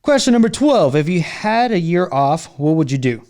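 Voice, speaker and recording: A man's voice: on the high side, sing-song, moderate pace, a little mellow. A man hosting a casual podcast interview, laid-back and jokey, full of slang and "bro.". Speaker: podcast host.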